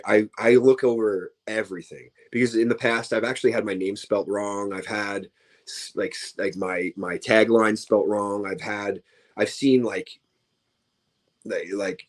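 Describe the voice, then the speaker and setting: A man, a professional wrestler, chatting casually as an interview guest, tired and rambling with many restarts and fillers. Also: fairly low pitch. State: tired, yawning.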